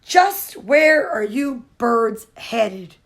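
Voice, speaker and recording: A woman's voice: a little high, big pitch swings, drawn-out words, full character voice. A woman voicing a sly, sneering male fox in a storybook reading, with a mocking, snickering drawl.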